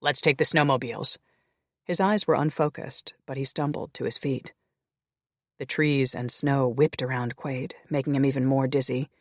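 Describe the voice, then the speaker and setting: A man narrating a paranormal romance audiobook with a steady, even reading. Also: medium pitch, normal speed, no room sound, clean studio sound.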